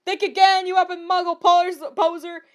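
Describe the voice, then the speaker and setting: An angry teenage boy wizard yelling insults, as a woman reader plays him. The voice stays high and close to her own. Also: normal speed, lightly acted.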